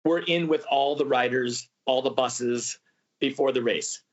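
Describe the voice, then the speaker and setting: A man hosting a travel podcast, telling a story in a casual, animated way and acting out what people said. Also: mid-range voice, unhurried. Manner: animated, acts out quoted voices. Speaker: podcast host. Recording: muffled lo-fi audio.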